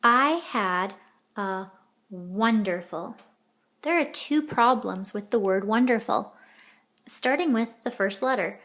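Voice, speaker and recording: A woman's voice: mid-range voice, takes it slowly, fairly bright tone. A woman teaching a children's editing lesson, patiently sounding out letters and words.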